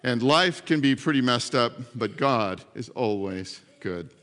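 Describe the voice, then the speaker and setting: A male pastor preaching a sermon, telling a story with animated repetition and dropping to a soft hush at times. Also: mid-range voice, measured pace. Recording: long hall reverb.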